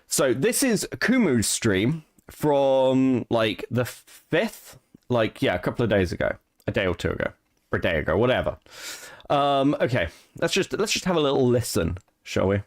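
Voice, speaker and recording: A man's voice: mid-range voice, very animated, normal speed. A man co-hosting a live stream, chatting casually, swearing and laughing, often restarting his sentences. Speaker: stream co-host.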